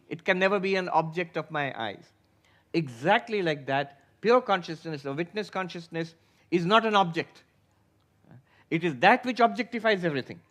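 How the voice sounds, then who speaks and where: Spiritual teacher, man, fairly high voice; patient lecture style with questions to the room. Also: fairly bright tone. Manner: patient, explanatory, poses questions to the audience; acts out everyday inner voices for illustration. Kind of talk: philosophy class lecture.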